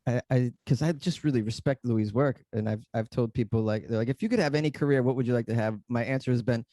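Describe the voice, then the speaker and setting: A man's voice: mid-range voice, quick pace, dark tone, dry recording. A man, a comedian guest on a podcast, telling rambling stories that he corrects as he goes. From Boston area. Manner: rambling, self-correcting storyteller. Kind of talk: casual podcast chat.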